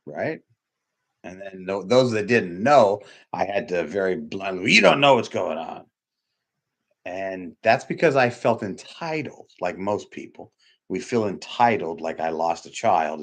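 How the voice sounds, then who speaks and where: A middle-aged man preaching a sermon in a church hall, blunt and emphatic, with sudden loud high bursts. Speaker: pastor. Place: church hall with doors opening.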